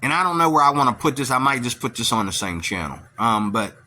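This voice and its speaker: A man's voice: mid-range voice, expressive, fast talker, pushed and bright, a little hiss or hum. A man giving blunt, rambling reaction commentary, often asking "okay?" to drive points home. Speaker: video commentator.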